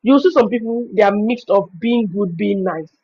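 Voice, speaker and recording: A Nigerian woman hosting a webinar, giving an expressive, storytelling talk on working with clients. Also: medium pitch, normal speed, husky, highs cut off. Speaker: virtual assistant trainer hosting a webinar. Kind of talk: informal teaching talk.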